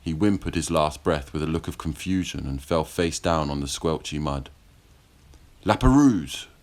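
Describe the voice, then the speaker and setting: A man with an extremely deep voice narrates a historical novel as an audiobook. His reading is measured and steady. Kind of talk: scripted narration.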